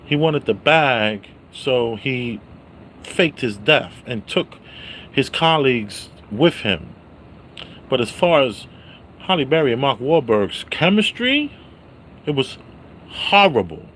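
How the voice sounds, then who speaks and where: A man reviewing a movie on a casual livestream, greeting viewers by name and loudly repeating his catchphrases. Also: mid-range voice, very animated, slow pace, a little hiss or hum.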